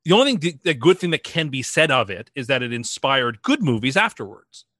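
A man's voice: mid-range voice, very animated, a little fast, sharp tone, no echo, clean studio sound. A man hosting a podcast in casual chat, opinionated and contrarian, rambling through his points. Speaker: podcast host.

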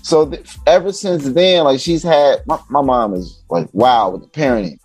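A man's voice: medium pitch, moderate pace, slightly rough, no room sound, faint music behind. A man from Chicago, a podcast guest, telling stories in casual chat and acting out the people in them. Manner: animated, acts out voices of people in his stories.

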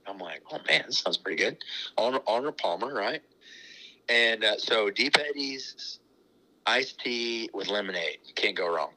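Chuckling man with a bright, lowish voice. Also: animated, unhurried, low-quality recording. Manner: rambling, chuckling anecdotes with many restarts. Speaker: racetrack owner guest. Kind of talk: casual storytelling interview.

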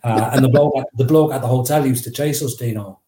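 A man's voice: medium pitch, fast, reverberant. Northeast English man telling stories. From Northeast England. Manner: lively anecdotes with acted-out quotes. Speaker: guest. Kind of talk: storytelling in an interview.

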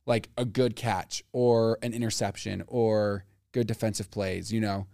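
A man's voice: lowish voice, steady tone, unhurried, gravelly, warm tone, clear, resonant tone, no echo, clean studio sound. A man co-hosting a casual podcast chat, rambling and thinking aloud with fillers. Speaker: podcast co-host.

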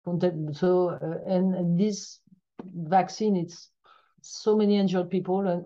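French-accented woman, halting, muffled call audio. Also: fairly low pitch, fairly even intonation, warm tone. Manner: halting, searching for English words. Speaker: guest. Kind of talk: remote interview answers.

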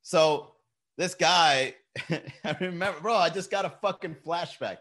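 A man's voice: fairly high pitch, measured pace, fairly bright tone. A young man chatting casually on a live stream, telling loose, profane stories and laughing often.

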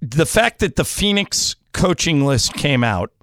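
A man hosting a casual sports talk show, firing off quick questions to get his co-hosts' opinions. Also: fairly high pitch, very animated, a bit bright, no room sound, clean studio sound. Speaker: host.

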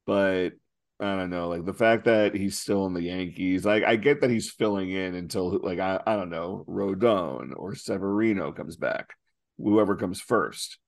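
A man's voice: sits low, measured pace, vocal fry. A man co-hosting a podcast, talking through baseball stats in a casual, exasperated way with many fillers. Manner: stat-heavy, exasperated, filler-laden. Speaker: podcast co-host. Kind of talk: casual sports chat.

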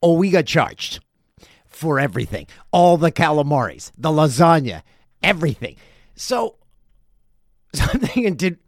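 Animated storytelling man in his forties. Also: a little high, vocal fry, no echo, clean studio sound. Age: 40s. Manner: animated, profane, laughs through the telling. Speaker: podcast host. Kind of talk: casual storytelling.

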